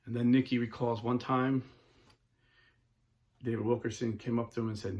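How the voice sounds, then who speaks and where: A man hosting a Catholic talk show, telling stories in a casual, animated way. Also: mid-range voice, normal speed. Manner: animated storyteller, casual with filler words. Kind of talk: storytelling talk.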